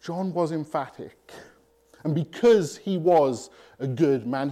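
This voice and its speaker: A man preaching a sermon, emphatic and pausing deliberately between phrases. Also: mid-range voice, mellow.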